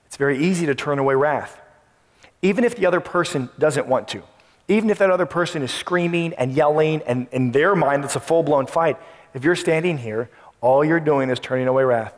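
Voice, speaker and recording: Emphatic preacher in a reverberant hall. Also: male voice, on the high side. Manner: emphatic, repeats key phrases, drops to a soft voice to make a point. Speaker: pastor. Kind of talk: sermon.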